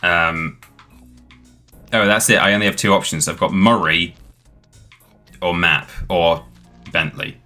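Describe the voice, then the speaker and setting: A man hosting a live game stream, rambling happily through his gameplay commentary. His voice sits very low but sounds bright and forceful. Faint game music plays underneath. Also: measured pace, pauses often. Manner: chatty, rambling, enthusiastic. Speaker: streamer host.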